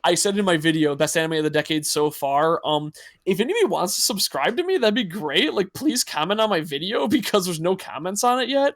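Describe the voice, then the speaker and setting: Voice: mid-range voice, big pitch swings, fairly quick, dry recording. Giggly rambling podcast host, dry sound. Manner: rambling, giggly, many fillers. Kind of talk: casual chat.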